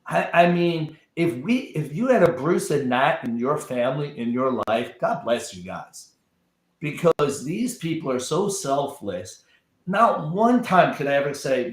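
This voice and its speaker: A man's voice: fairly high pitch, sing-song, unhurried, roomy sound. A man talking as a guest in a casual chat, emphatic and often repeating words as he builds up a point.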